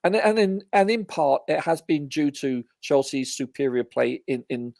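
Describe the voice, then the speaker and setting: A man's voice: fairly high pitch, expressive, moderate pace, vocal fry, darkish tone, no echo, studio quality. A man on a live football review panel giving earnest, emphatic opinions, often hedging with "you know". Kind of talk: casual live match review.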